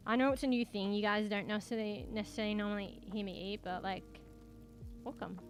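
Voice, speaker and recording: A woman's voice: mid-range voice, steady tone, quick pace. A woman streaming live, chatting casually with viewers while eating, swearing often. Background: faint music.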